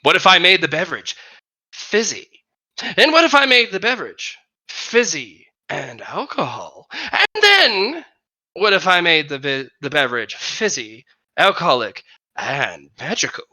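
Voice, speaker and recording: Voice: medium pitch, sing-song, measured pace, pushed and bright, heavily acted. A game master voicing a cheerful, theatrical male cider merchant obsessed with apples in a tabletop role-play. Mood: enthusiastic. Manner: theatrical, salesy, addresses customer grandly.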